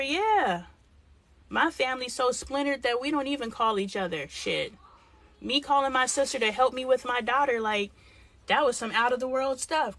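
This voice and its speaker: A middle-aged woman hosts a casual livestream, reading viewers' comments and answering them frankly as she thinks aloud. Her voice is on the high side and a bit bright.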